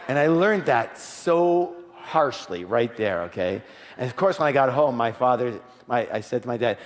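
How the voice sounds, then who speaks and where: Animated male seminar speaker in a reverberant hall. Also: medium pitch, moderate pace, a little hiss or hum. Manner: animated storytelling, acts out dialogue, asks the audience. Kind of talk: live motivational seminar talk.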